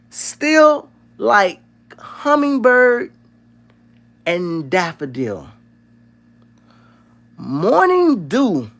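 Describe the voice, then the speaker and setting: A man mimicking Mikey, a slow gentle giant. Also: sits high, voice pushed up, full character voice. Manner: slow, soft-spoken, sentimental recital. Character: big gentle giant boy reciting poetry.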